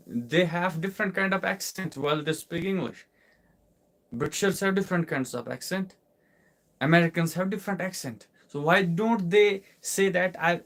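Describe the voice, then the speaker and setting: Young Indian-accented male English teacher, slightly high voice, live Q&A class, explanatory and repetitive. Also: a bit bright. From Kashmir, India. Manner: explanatory, repeats points with rhetorical questions. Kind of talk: live class answering viewer questions.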